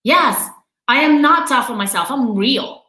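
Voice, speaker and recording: A woman's voice: sits high, lively intonation, measured pace, sharp tone, roomy sound, low-quality recording. A woman with an accent hosting a live motivational coaching stream from home, talking candidly and emotionally and laughing often. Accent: non-native accent. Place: at home during quarantine.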